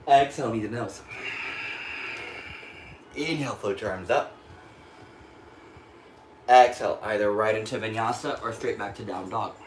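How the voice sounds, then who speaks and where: Guiding a yoga studio class, an American man calls out breathing and poses as he moves through them, calm but slightly winded. His voice is lowish and a little slow with frequent pauses, and the recording has a roomy sound with background noise.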